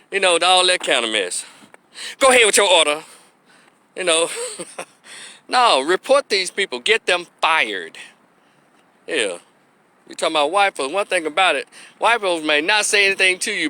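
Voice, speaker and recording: Blunt, bright-toned man. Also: sits high, dry recording. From Memphis, Tennessee, US. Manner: blunt, preachy, salty language, folksy. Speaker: opinion vlogger, social worker. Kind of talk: opinionated commentary monologue.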